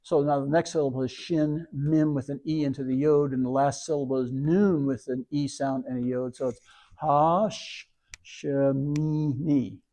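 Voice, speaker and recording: A man leads a religious service, reading scripture aloud and then teaching Hebrew words letter by letter. His voice is warm and mellow, sitting at a middle pitch. He explains patiently, breaking each word into its sounds. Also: steady tone, fairly quick, few pauses.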